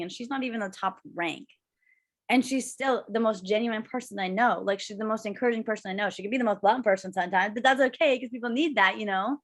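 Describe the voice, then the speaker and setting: A young woman co-hosting a casual chat, rambling and gushing with emotion. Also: medium pitch. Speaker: co-host.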